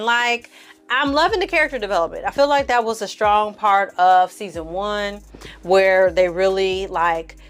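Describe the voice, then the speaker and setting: Animated slangy woman recapping a show. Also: mid-range voice. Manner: animated, slangy, acts out characters' lines with exaggerated inflection; frequent fillers and asides to the audience. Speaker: film and TV reviewer. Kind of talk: casual episode recap and review.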